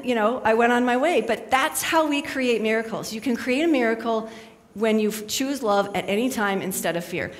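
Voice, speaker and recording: A woman's voice: on the high side, big-room sound. A middle-aged woman speaking as a spiritual speaker to a live audience in a chatty, storytelling manner.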